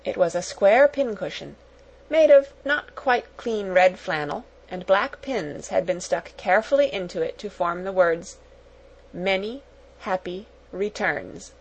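A woman narrating a children's novel for an audiobook in a gentle, measured storytelling manner. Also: mid-range voice, animated, vocal fry, muffled recording.

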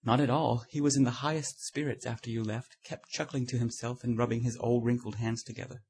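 A man's voice: mid-range voice, flat delivery, brisk, a little mellow, slightly rough. A man reading the part of a witty society painter who teases his friend, in a breezy, amused way. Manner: breezy, teasing.

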